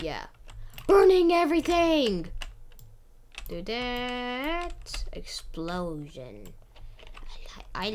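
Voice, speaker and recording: Excitable young woman narrating her gameplay. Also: lowish voice, slight background noise. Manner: chatty, excitable, quick gasps and exclamations. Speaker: gamer. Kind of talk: casual gameplay commentary.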